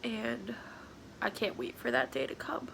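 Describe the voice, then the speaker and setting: A tearful, sniffling woman talking at home in a personal confessional vlog, halting and soft, slipping into whispers. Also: medium pitch, big pitch swings, vocal fry, noisy background. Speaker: vlogger.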